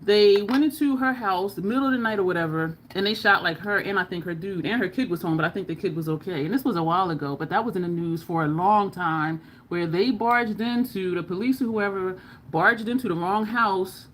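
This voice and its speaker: A woman's voice: medium pitch, brisk, a little hiss or hum. An American woman hosting a beauty live stream, chatting in a rambling way and talking straight to her viewers as y'all. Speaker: beauty livestream host. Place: home makeup setup under bright lights.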